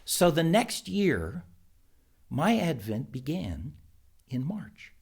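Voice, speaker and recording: A middle-aged man giving thoughtful, unhurried advice to preachers, pausing often with ums and restarts. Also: fairly high pitch, very animated, gravelly, husky. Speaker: preaching teacher. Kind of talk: instructional talk to preachers.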